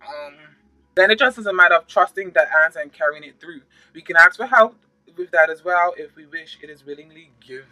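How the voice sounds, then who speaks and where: A man's voice: high-pitched, animated, brisk, bright, forceful tone, dry recording, soft background music, rough recording. A man giving a casual tarot reading, playful and slangy, reading card meanings aloud and adding sound effects. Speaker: tarot reader.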